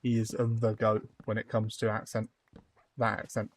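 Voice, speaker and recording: A man's voice: on the low side, monotone, moderate pace, slightly rough. A young man live-streaming a building game, chatting casually with viewers and rambling through lots of fillers and restarts.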